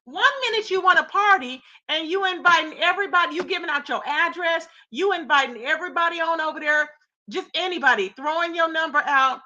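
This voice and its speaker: A woman's voice: extremely high pitch, brisk, pushed and bright, highs cut off. A woman hosting a live gossip commentary stream, reacting with incredulous rhetorical questions and greeting her chat. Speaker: commentary channel host.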